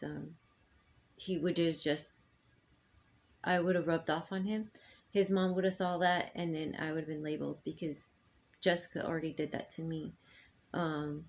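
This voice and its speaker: A middle-aged woman speaking to her sons in a rambling, halting personal monologue full of ums and restarts. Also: low voice, slight background noise. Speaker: mother addressing her sons.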